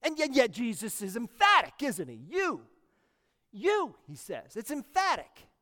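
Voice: mid-range voice, wildly swooping pitch, normal speed, pushed and bright, big-room sound. A pastor preaching a sermon, emphatic and often repeating words for stress.

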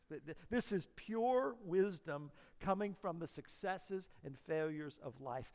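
A male pastor preaching a sermon to his congregation. He talks emphatically, repeats his key phrases, and swings between hushed and loud delivery. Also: a little high, animated, a little slow, few pauses. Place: church sanctuary. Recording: long reverb of a large hall.

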